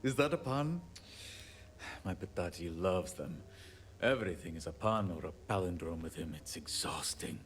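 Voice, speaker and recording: A man's voice: low voice, animated, normal speed, slight background noise. A man voicing a weary, self-deprecating handyman in a video game, chatty and apologetic with light laughs. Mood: rueful. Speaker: game character. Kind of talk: video game character dialogue. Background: game music.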